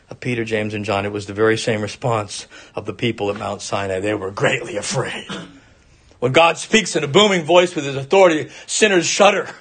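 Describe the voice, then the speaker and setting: A man's voice: medium pitch, fairly bright tone, breathy edge. A man preaching an earnest expository sermon from the pulpit as a pastor.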